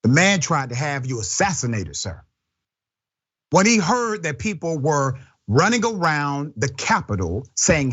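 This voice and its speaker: A man's voice: on the high side, normal speed, slightly rough, dull audio. A man hosting a political talk show, delivering emphatic commentary. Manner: emphatic, lively. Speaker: host.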